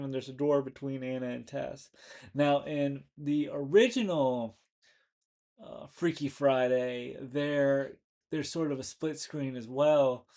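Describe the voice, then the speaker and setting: Guy rambling thru a movie recap, slow and halting, lots of um and you know. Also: medium pitch, a little mellow. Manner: rambling, many restarts and fillers. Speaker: movie review host.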